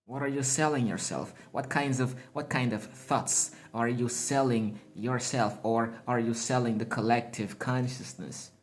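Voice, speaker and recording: A man talking straight at the listener in a loose, freewheeling motivational monologue. His speech is emphatic and crude, heavy with swearing and street slang, and he chuckles at his own phrasing. His voice sits at an ordinary middle pitch. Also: fairly even intonation, measured pace, hardly any pauses. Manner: emphatic, profane slang, laughs at himself. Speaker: motivational speaker.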